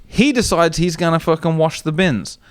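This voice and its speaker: A man's voice: mid-range voice, fairly quick, smooth, no room sound. A man, co-hosting a comedy podcast, telling stories casually, swearing often and acting out other people's voices. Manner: swears a lot, acts out quoted voices. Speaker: podcast co-host.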